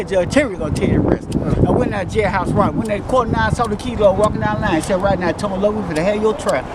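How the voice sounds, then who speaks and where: A middle-aged man from Illinois reciting a long, profane rhyming street toast in a boastful storytelling way. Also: sits high. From Robbins, Illinois. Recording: noisy outdoor street recording.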